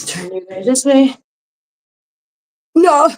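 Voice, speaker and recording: A woman with a somewhat high voice chats casually through a livestream while cleaning up at home. She drifts between chatter for her viewers and cooing baby talk to her cats. She sounds a little distant from the mic. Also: normal speed. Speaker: cat channel host. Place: home, doing chores. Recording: voice from far off the mic.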